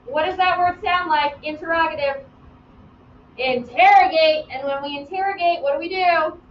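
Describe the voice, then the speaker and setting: A woman teaching grammar in a live online class, lively and playful, calling on students by name. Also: extremely high pitch, a little fast, a little hiss or hum. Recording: roomy, distant, dull sound.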